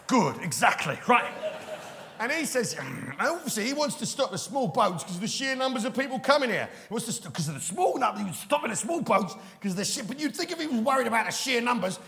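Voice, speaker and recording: A ranting male stand-up comedian with a bright, forceful, gravelly voice that swoops all over the place. He swears freely and keeps badgering the crowd for agreement. His voice rings with the long reverb of a large live venue, caught on a handheld stage mic. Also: very high-pitched, big pitch swings, fast talker. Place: large theatre with a live audience.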